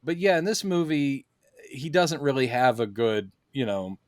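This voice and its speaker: The man co-hosting this casual podcast chat has a mid-range voice with lively intonation and a moderate pace. He acts out quoted lines with animation, recorded with clean, dry studio sound.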